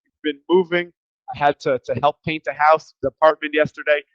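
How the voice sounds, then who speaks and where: A man's voice: on the high side, steady tone, fairly quick, no room sound. A man teaching English grammar in a casual, chatty way, tired and often repeating words as he thinks. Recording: slightly dull lo-fi sound.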